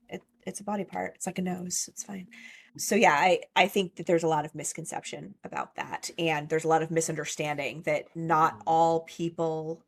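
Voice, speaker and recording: A woman's voice: sits low, vocal fry. A woman therapist co-hosting a casual podcast, talking frankly, swearing casually and acting out the people she quotes, over a video call.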